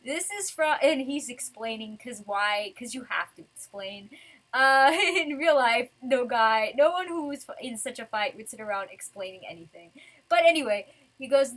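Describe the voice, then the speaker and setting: A woman's voice: fairly high pitch, animated, normal speed, fairly bright tone. A young woman reviewing a comic chapter in casual, rambling fan commentary, swearing now and then. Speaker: manga reviewer.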